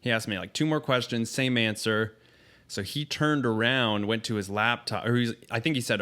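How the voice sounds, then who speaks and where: Man, podcast guest, lowish voice, casual storytelling, candid, profane, halting with ums. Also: a bit bright.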